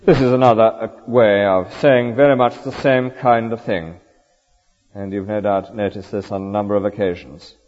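A man's voice: lowish voice, fairly even intonation, normal speed, a little mellow. A man preaching a sermon in an earnest, rhetorical way, often ending points with tag questions. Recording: dull lo-fi recording with long hall reverb.

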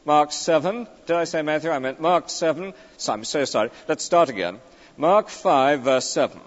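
A man's voice: a little high, expressive, normal speed. A man preaching a sermon, emphatic, often tagging on rhetorical questions. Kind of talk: expository sermon. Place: large church. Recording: dull recording with long church reverb.

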